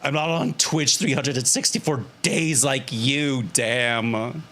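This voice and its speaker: A man's voice: medium pitch, slow pace. Chatty young man streaming live. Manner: animated, laughs often, swears casually. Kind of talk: casual livestream chat to viewers.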